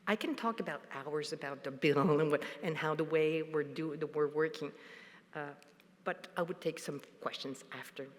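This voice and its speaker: A woman giving a conference presentation, speaking haltingly with frequent restarts. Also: low voice. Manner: halting, restarts, light laughs. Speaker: panel presenter. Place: large conference hall. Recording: long hall reverb.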